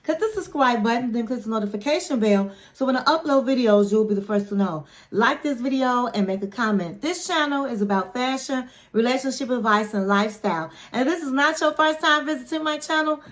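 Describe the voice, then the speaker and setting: A woman with a fairly high voice hosts her own online channel, recapping a reality show in a loose, chatty way. She talks with a playful, animated delivery and stretches out her flourishes. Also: brisk, hardly any pauses. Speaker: YouTube host reviewing a reality show.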